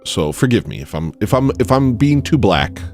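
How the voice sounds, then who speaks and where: A man's voice: medium pitch, sing-song, moderate pace, darkish tone, faint music behind. A man hosting a podcast, telling a rambling story with digressions and laughing asides, often checking in with "you know what I mean.". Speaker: podcast host. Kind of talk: casual rambling monologue.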